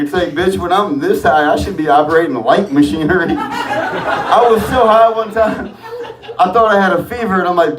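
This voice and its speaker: A man's voice: a little high, a little fast. A man doing a profane, rambling open-mic stand-up set on a comedy club stage. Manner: profane, rambling, loose delivery. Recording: echoey club from far off, crowd laughter.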